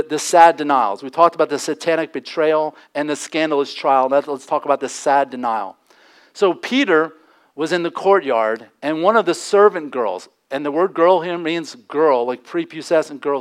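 Male pastor, church sermon, slightly high-pitched voice, conversational preaching, animated storytelling. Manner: conversational preaching, acts out the people he quotes.

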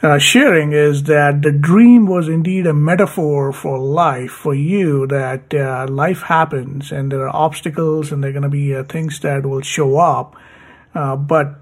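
Halting male podcast host, higher voice. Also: fairly even intonation. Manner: halting, many fillers. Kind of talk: interview questions.

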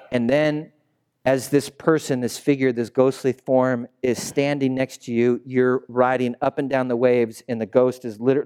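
Smooth-voiced, animated male preacher. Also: on the high side. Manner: animated storytelling preacher, swinging between shouts and hushed asides. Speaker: pastor. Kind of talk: sermon.

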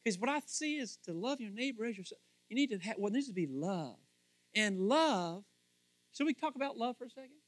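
A man preaching a sermon, animated and asking the congregation direct questions, moving from hushed asides to shouts. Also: sits high, fairly quick, dry recording. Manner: talks straight to the congregation with questions. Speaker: pastor.

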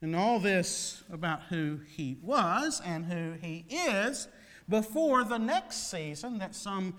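Animated male preacher in a reverberant hall. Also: takes it slowly. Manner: animated preaching with dramatic swings in pitch and loudness. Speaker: pastor. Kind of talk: sermon.

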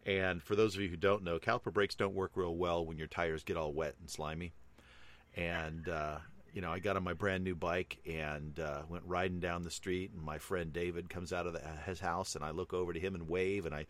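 A middle-aged man with a very low voice, chatting casually as a host. He rambles through a personal story, filling gaps with lots of ums and you-knows. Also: fairly even intonation, a little fast, a bit bright. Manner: rambling, with many fillers.

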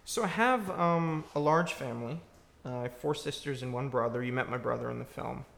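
A man with a gravelly, creaky edge to his mid-pitched voice takes questions from an audience after a screening. He talks in a casual, reflective way, often pausing to search for his words. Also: fairly bright tone. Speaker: filmmaker answering audience questions. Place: church used for a screening.

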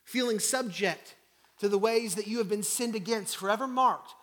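A man with a high-pitched voice delivers a sermon from the pulpit. He stacks rhetorical questions in a rising rhythm, then sinks into soft, hushed passages. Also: moderate pace. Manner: rhetorical repeated questions, swinging from loud to hushed. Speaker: pastor.

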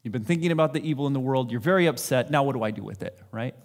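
A man's voice: mid-range voice, lively intonation, rapid-fire. A man giving a sermon in a conversational, self-deprecating way, acting out what people say. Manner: conversational, self-deprecating preaching with acted-out quotes. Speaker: pastor.

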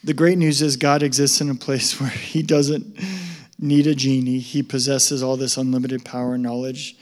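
A male pastor preaching a sermon in a conversational, emphatic way that rises to loud excitement. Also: medium pitch, moderate pace.

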